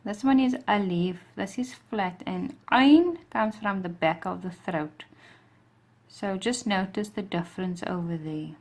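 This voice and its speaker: A woman's voice: mid-range voice, a little slow, darkish tone. A woman teaching a lesson with patient explanations and careful pronunciation. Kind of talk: slow, patient alphabet lesson.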